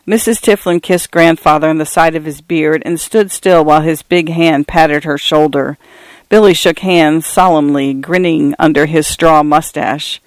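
A man reading a novel aloud as the narrator in steady, even storytelling. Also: a little high, normal speed, dry recording. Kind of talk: audiobook reading.

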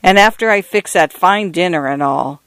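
A man's voice: sits high, moderate pace, fairly bright tone, no echo. A man voicing a weary, dry-spoken parish priest of fifty-nine in a read-aloud story. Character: weary 59-year-old male parish priest, dry and glum.

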